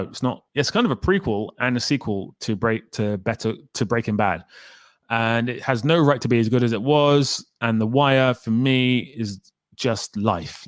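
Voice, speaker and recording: A man's voice: mid-range voice, no echo. Chatty man hosting a livestream. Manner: chatty, rambling, reads comments aloud. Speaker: livestream host. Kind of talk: casual livestream chat.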